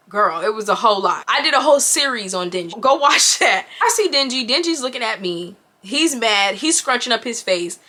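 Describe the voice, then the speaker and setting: A young woman in her twenties tells a story to her viewers in a lively, chatty way. Her voice sits a little high and sounds bright and forceful. She keeps turning to the audience as she goes. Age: 20s. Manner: animated, chatty, addresses viewers directly. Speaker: YouTuber. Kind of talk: casual storytime.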